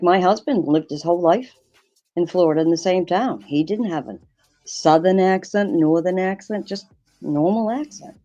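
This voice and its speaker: Woman, Maine accent, casual rambling storyteller, slightly low voice. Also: dark tone, lo-fi sound. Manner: rambling, storytelling, chuckling asides. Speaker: panel guest. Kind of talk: casual livestream chat.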